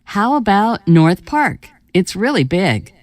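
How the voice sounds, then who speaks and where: Lily a cheerful helper. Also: female voice, mid-range voice, sing-song, takes it slowly, dry recording. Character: cheerful young woman giving helpful ideas. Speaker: textbook audio dialogue speaker. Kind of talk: scripted textbook dialogue.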